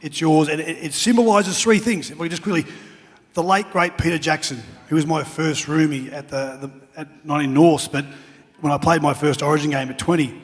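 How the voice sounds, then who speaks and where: A man's voice: a little high, in a large hall. A middle-aged Australian man telling funny stories as a guest speaker at an awards night. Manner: jokey anecdotes with acted-out shouts. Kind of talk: after-dinner storytelling.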